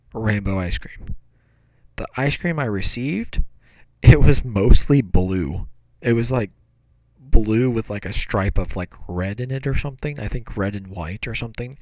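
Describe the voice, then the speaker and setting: A man's voice: fairly low pitch, no room sound. A man casually telling a childhood story, rambling and correcting himself as he goes. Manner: rambling, self-correcting, animated.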